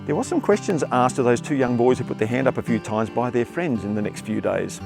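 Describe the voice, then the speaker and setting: An older Australian man tells a story from his teaching days. He is animated and expressive, and he voices the people in his tale as he goes. His pitch sits in the middle range for a man. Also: fairly quick, gravelly, music in the background. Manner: animated storytelling, acts out quotes. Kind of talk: spoken storytelling.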